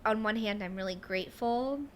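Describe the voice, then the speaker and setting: A woman's voice: mid-range voice, normal speed, slight background noise. A woman counselor hosting a podcast, listening closely and chiming in with her own thoughts. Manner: attentive listener, many short affirmations. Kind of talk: casual interview chat.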